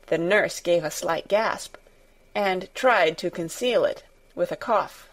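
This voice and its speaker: A woman narrating a storybook in a measured, gentle storytelling manner. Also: fairly low pitch.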